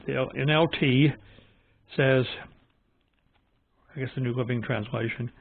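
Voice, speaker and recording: A man hosting his own channel, giving casual, opinionated commentary in a musing, halting way. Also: medium pitch, creaky, dry recording. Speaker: channel host reviewing Bible translations. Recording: dry, tinny phone-like audio.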